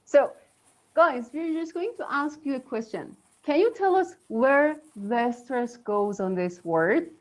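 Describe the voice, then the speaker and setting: Slow-talking woman teaching pronunciation. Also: sits high, animated. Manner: chatty, encouraging, many fillers and laughs. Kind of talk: live online English lesson.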